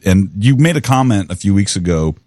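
A man's voice: on the low side, animated, fairly quick, a little mellow, no room sound, clean studio sound. A man in his forties co-hosting a podcast in casual chat, wry and rambling with frequent restarts. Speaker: podcast co-host.

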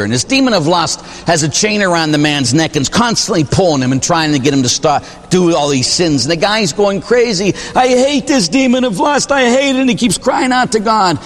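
Animated man preaching in an echoing hall. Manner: animated, emphatic, sudden high exclamations. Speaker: Catholic priest. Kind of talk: sermon.

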